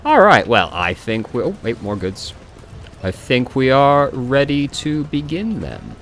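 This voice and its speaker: A man playing a game and making casual, quick asides. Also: mid-range voice, very animated, a little hiss or hum. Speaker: let's play host.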